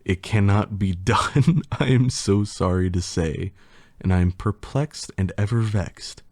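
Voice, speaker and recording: A man doing a famished little mouse from a storybook poem, pleading in prim, old-fashioned phrases. The voice sits deep and unhurried, with a gravelly edge. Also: darkish tone, no echo. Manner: polite, begging, old-fashioned.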